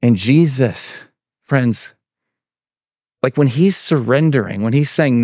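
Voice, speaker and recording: A man preaching a sermon to a congregation in a relaxed, conversational way, often filling with "like" and "right". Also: medium pitch, slow, no echo, clean studio sound. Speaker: pastor.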